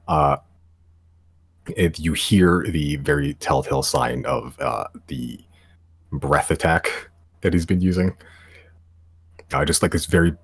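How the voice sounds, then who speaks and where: A man running a tabletop game in a very deep, creaky voice with a husky texture. His narration is casual and hesitant, with many fillers. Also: unhurried, long pauses. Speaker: game master.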